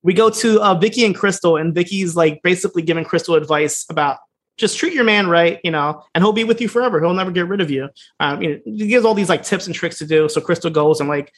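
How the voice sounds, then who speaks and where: A man co-hosting a podcast, loosely retelling an episode in casual chat and acting out the lines he quotes. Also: sits high. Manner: fast, loose retelling with voiced quotes and laughs. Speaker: podcast co-host.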